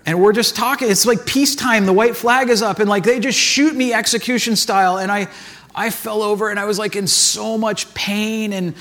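A man's voice: sits high, fairly even intonation, normal speed, fairly bright tone. A man giving a casual, conversational sermon as a pastor, telling stories in a chatty way full of "like" and acted asides.

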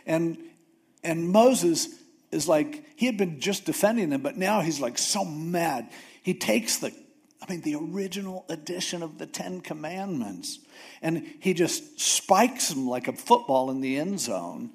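A man preaching a sermon, retelling a Bible story in a casual, animated way with jokes and acted-out voices. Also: on the high side, unhurried, husky. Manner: animated storytelling, acts out characters with jokey asides. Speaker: pastor.

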